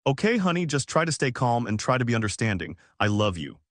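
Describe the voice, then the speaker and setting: A man's voice: mid-range voice, big pitch swings, fast, a bit bright, no echo, studio quality. A man voicing a firm, placating middle-aged mother who refuses to take sides. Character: stern, even-handed middle-aged mother.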